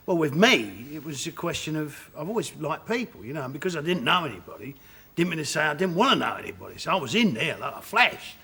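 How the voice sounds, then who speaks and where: A man's voice: a little high, big pitch swings, a little fast, creaky, heavy background noise. A middle-aged man with a Cockney accent, an actor guest on a chat show, telling stories with laughter and acted-out quotes. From England. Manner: laughing storyteller, acts out quotes.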